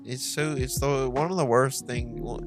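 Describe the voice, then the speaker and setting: A man's voice: mid-range voice, fairly even intonation, moderate pace, over music. A man chatting casually while he plays a game, rambling and joking, with a lot of swearing. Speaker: streamer. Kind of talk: casual chat while gaming.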